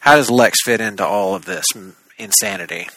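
A man co-hosts a casual podcast about comics, talking in long, animated, rambling runs with plenty of fillers. His voice is bright and forward, and the sound is close and dry, with no room around it. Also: a little high, a little fast, creaky, breathy edge, dry recording, poor audio. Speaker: podcast co-host.

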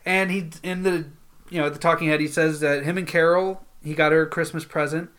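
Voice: medium pitch, steady tone, fairly quick, fairly bright tone, smooth. A podcast co-host in casual chat, retelling a TV episode and laughing often along the way.

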